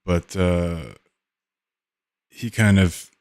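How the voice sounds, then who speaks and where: A man hosting a podcast, talking casually and haltingly, often searching for words. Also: sits low, steady tone. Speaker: podcast host. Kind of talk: casual solo commentary.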